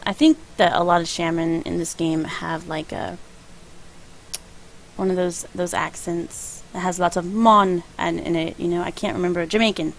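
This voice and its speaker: A woman's voice: fairly low pitch, steady tone, moderate pace, poor audio. A woman casually commenting on her video game playthrough in a chatty, rambling way, often laughing at her own jokes. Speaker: let's play host.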